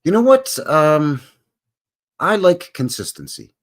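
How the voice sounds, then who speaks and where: A man's voice: on the high side, wildly swooping pitch, slow. A man in his fifties hosting a casual live stream from home, chatting to viewers in a folksy, rambling way. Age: 50s.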